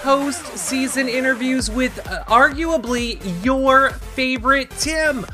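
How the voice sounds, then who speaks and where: A man hosting an online interview show, playful and excitable. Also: extremely high pitch, slow pace, soft background music. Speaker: host.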